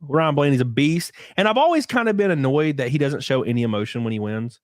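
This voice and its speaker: A young man hosting a podcast in casual chat, animated and profane, reading viewer comments and breaking into sudden loud yelps. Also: mid-range voice, fast talker, no echo. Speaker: podcast host.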